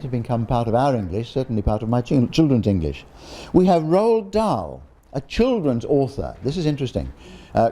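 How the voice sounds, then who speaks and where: An older linguistics professor, here as a guest speaker, gives an informal public talk to a room of guests, genial and prone to digressions, restarting often and saying "um." His voice is medium in pitch with a dark tone.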